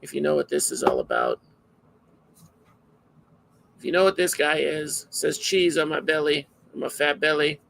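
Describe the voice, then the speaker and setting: Gravelly-voiced man hosting a podcast. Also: fairly high pitch, very animated, moderate pace, long pauses, a bit bright, slight background noise, rough recording. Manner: rambling, loose and self-interrupting. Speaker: podcast host. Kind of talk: casual live podcast chat.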